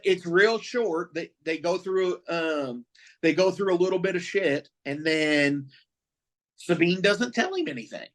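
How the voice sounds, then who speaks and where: Casual man swearing through a recap, higher voice. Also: expressive, unhurried. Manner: loose and profane, recapping plot with many fillers. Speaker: podcast co-host. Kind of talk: casual chat.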